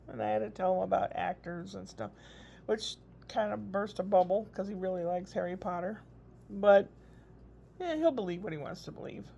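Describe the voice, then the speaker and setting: A woman's voice: medium pitch, normal speed, vocal fry, dark tone, husky. An older woman, a grandmother, chatting in a rambling, casual video diary. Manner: chatty, rambling, frequent laughs. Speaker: vlogger. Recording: dull lo-fi recording.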